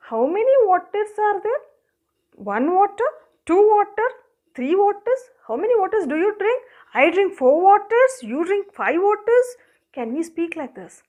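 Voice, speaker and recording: A woman with an Indian English accent teaching a grammar lesson, asking questions and answering them herself as she counts objects aloud. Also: very high-pitched. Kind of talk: classroom lesson.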